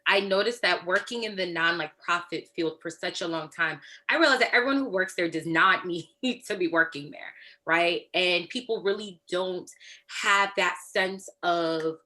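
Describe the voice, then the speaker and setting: A woman's voice: on the low side, moderate pace, bright, forceful tone. A woman speaking candidly as a guest in a casual panel discussion, thinking aloud with frequent fillers. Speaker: podcast guest.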